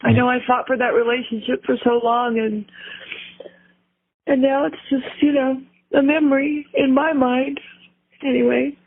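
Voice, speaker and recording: A woman talks softly and haltingly as a guest in a heartfelt radio conversation. Her voice is thin and narrow, as if it were heard over a phone. She takes her time and weighs each word. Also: high voice, level tone, gravelly, breathy edge. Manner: soft, halting, reflective. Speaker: interview guest. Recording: tinny phone-line radio.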